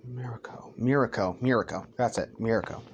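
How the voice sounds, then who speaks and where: A man's voice: medium pitch, brisk, highs cut off, a little hiss or hum. A young man improvising a crude fan story, rambling, swearing and stumbling over names.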